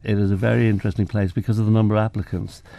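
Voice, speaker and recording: A man's voice: fairly low pitch, flat delivery, rapid-fire, vocal fry, dark tone, no room sound. An older man from England, a photographer and professor, telling anecdotes in an interview and acting out the dialogue. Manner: anecdotal, acts out quoted dialogue, self-deprecating. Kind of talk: relaxed interview storytelling.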